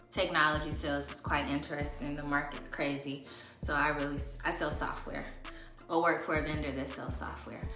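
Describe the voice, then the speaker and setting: A woman in her thirties with a lilt, chatting casually to viewers as she does her makeup. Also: deep voice. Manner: chatty, talks while doing makeup. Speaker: beauty vlogger. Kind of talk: casual get-ready-with-me chat. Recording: roomy echo with music behind.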